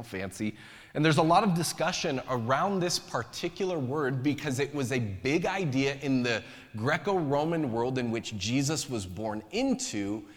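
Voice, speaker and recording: Chatty male pastor in a hall. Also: medium pitch. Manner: conversational, joking asides. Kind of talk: sermon.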